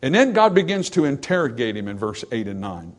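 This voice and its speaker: A male preacher delivering a lively sermon at a mid-range pitch. He acts out the dialogue from scripture with rising energy, then drops to soft, low, reflective tones. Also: fairly quick. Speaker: pastor.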